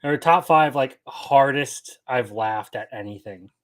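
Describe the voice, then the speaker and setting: A man's voice: mid-range voice, a little slow. A man in a casual chat, chiming in with short dry quips.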